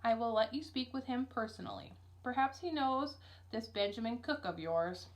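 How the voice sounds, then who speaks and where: A woman's voice: on the high side, normal speed, natural voice. Prim, formal city hall clerk, muddled, storybook read-aloud, as a woman puts him on. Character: confused male city hall clerk on the phone.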